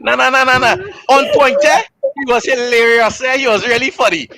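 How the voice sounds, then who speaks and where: A young man with a Trinidadian accent, hosting a casual aftershow chat with animated, joking talk full of local slang. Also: extremely high pitch, a little fast, gravelly, crowd noise. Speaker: host.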